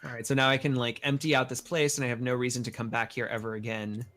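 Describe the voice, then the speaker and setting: A man's voice: mid-range voice, little pitch movement, fast, fairly bright tone. Man roleplaying a card game, story and rules. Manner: thinks aloud, switching between story and game rules. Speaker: host player.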